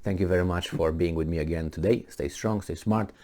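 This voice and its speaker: A man ranting in a solo commentary, sarcastic and mocking, asking rhetorical questions and often pausing with fillers. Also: deep voice, mellow. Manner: halting, with frequent fillers and restarts. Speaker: political commentator.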